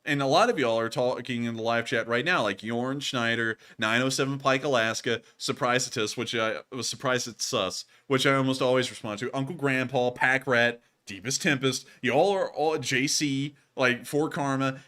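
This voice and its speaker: A young man hosting a live news stream, talking in an excitable, rambling way with lots of "like". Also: mid-range voice, normal speed, hardly any pauses. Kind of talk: casual live-stream chat.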